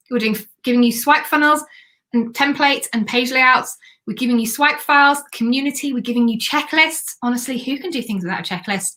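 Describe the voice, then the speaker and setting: Excitable chatty woman coach. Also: high voice. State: has the hiccups. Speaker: online business coach hosting a live stream. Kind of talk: live stream sales pitch.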